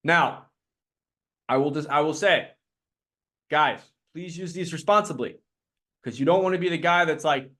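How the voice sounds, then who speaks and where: A man leading a live sales training talk, energetic and quick to act out his clients in put-on voices. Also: on the high side.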